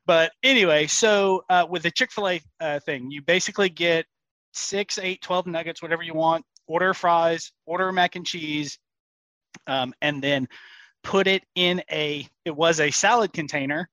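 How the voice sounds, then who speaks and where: A man co-hosting a casual podcast, relaxed as he tells a story and quick to laugh. His voice is bright and clear, and the recording sounds dry and close. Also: on the high side, no echo, poor audio. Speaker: podcast co-host. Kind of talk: casual chat.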